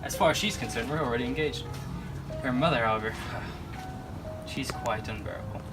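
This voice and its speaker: A man's voice: medium pitch, low-quality recording. A young man, a student, reading his part in a school scene with frequent fillers and restarts. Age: teens. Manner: halting line reading with fillers. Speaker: student actor playing Jack Worthing. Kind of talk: amateur school video skit. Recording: loud background music.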